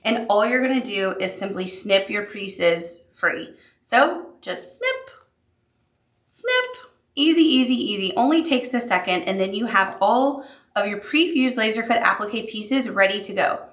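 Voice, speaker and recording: A woman's voice: medium pitch, moderate pace, a bit bright, reverberant. A woman teaching a sewing machine appliqué tutorial, upbeat and encouraging as she talks the viewer through each step. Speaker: quilting instructor.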